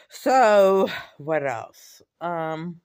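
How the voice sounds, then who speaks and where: A man talking in a personal video diary, rambling and confiding with lots of fillers and repeats, shifting between quiet and bubbly. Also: a little high, clear, resonant tone. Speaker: vlogger.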